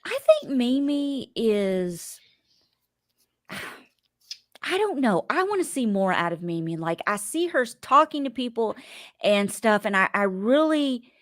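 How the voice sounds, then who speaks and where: A woman's voice: on the high side, very animated, measured pace, dry recording, clean studio sound. A woman hosting a podcast in casual chat, rambling and chatty with many fillers. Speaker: podcast host.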